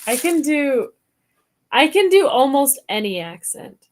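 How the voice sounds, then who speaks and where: Playful young woman, slightly high voice. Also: very animated, measured pace, darkish tone, slight background noise. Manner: playful, casual, trails off. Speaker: guest, host's stepdaughter. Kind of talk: casual chat.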